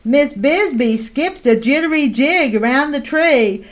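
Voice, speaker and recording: A woman reading a children's picture book aloud in a slow, expressive way. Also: sits high. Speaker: storyteller.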